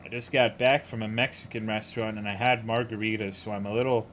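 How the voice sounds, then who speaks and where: A man's voice: lowish voice, steady tone, fast, a bit bright, a little hiss or hum. A man streaming, casually greeting his chat, a bit tipsy and tired, joking and swearing as he teases viewers.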